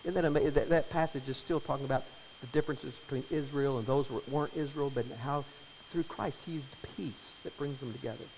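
A man's voice: mid-range voice, a little fast, a little mellow. A man in his fifties preaching a sermon as pastor, chatty and emotional, telling stories with many restarts. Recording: hall reverb, faint hum.

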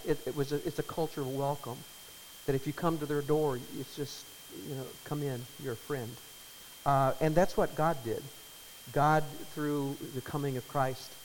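A pastor in his fifties, with a medium-pitched, darkish voice, preaches a sermon in a chatty, emotional style, telling stories and restarting often. Hall reverb and a faint hum color the recording.

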